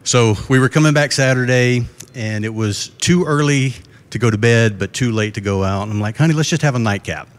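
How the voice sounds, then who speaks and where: A man's voice: medium pitch, moderate pace, clear, resonant tone. A middle-aged man giving a live conference keynote, telling folksy jokes and putting questions to the crowd. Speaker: keynote speaker. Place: conference stage before a live audience.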